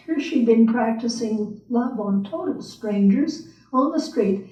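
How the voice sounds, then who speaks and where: A woman pastor telling a story in a sermon, slow and expressive, acting out the people in it. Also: fairly high pitch. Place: church sanctuary. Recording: echoey church room from a distant mic.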